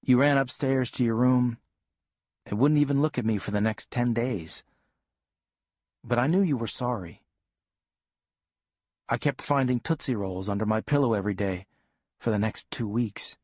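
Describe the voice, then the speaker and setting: A man reading a first-person audiobook in a calm, even storytelling voice on a studio mic. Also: medium pitch, moderate pace, long pauses, dry recording. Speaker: audiobook narrator.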